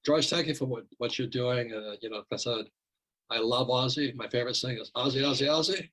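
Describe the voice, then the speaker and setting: Older male guest with a husky, relaxed, storytelling way of talking. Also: mid-range voice, a little fast, poor audio. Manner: storytelling, repeats words when starting. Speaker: guest author. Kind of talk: casual interview.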